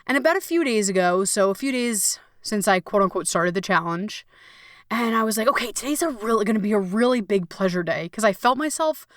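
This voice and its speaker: Talking brisk and animated on her solo podcast, this young woman, a host and coach, swears without restraint and plays out the voices in her head. Her pitch is medium and the studio-quality audio has no room sound at all.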